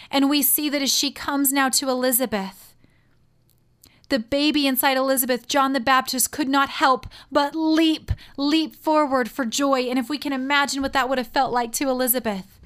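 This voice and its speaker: A woman's voice: high voice, a bit bright, clear, resonant tone. A woman teaching a sermon, telling a Bible story expressively and reading scripture aloud.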